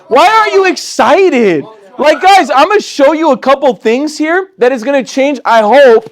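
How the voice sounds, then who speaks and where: A man with a Texan accent, a company chairman giving a fired-up motivational speech on stage, intense, blunt and profane, often shouting. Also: extremely high pitch.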